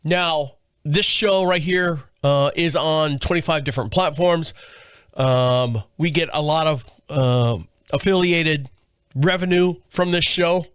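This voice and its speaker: A man's voice: a little high, slow, a bit bright, clean tone, no room sound, studio quality. Rambling man hosting a podcast. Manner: rambling with frequent restarts. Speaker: podcast host. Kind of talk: casual storytelling monologue.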